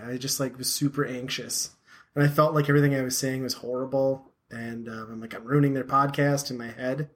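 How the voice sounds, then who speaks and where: A man in his thirties chatting as a podcast host, with a voice of middling pitch. He rambles loosely, packs his sentences with filler words and often pokes fun at himself. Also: a bit bright. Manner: rambling, lots of "like" fillers, self-deprecating. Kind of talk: casual podcast chat.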